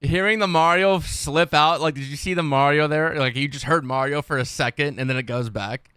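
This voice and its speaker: A young man streaming, reacting casually to videos in a slangy, excitable, swearing way. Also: a little high, a little fast, smooth, no echo.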